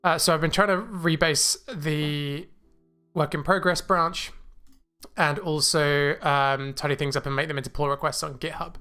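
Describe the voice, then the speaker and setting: A man hosting a coding livestream, thinking aloud with many fillers and restarts, a little choked and clearing his throat. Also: a little high, fairly even intonation, normal speed, bright, forceful tone, faint music behind. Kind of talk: casual live coding walkthrough. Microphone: new desk mic.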